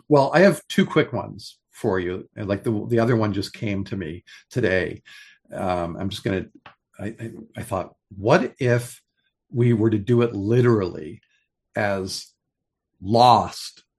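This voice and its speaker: An older man co-hosting a podcast in casual chat, pitching story ideas with enthusiasm and frequent restarts. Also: a little slow, a little mellow, slightly rough. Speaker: podcast co-host.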